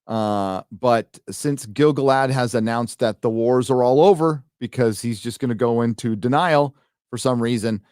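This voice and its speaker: A man's voice: medium pitch, darkish tone, no echo, studio quality. A man reviewing a TV show in a casual live commentary, blunt and sarcastic, full of fillers and restarts. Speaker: video reviewer.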